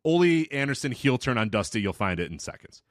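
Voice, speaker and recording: A man hosting a podcast, bantering with quick, agreeable laughs in casual chat. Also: mid-range voice, very animated, no room sound, clean studio sound. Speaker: podcast host.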